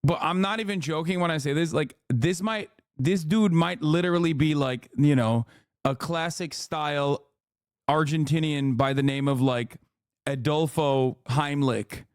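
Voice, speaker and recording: A man's voice: on the high side, measured pace, clear, resonant tone, no room sound, clean studio sound. Sarcastic man riffing on stream. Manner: joking, sarcastic, rambling with many "like"s. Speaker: streamer reacting to a debate clip. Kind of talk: casual live-stream commentary.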